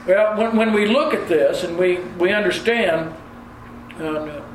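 A man's voice: high-pitched, measured pace, reverberant, slight background noise, low-quality recording. A man preaching a sermon and teaching scripture verse by verse, often repeating words as he restarts his phrasing.

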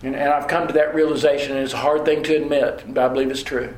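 Man, preacher, sermon, deliberate repetitive emphasis, high voice, echoey church. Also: little pitch movement.

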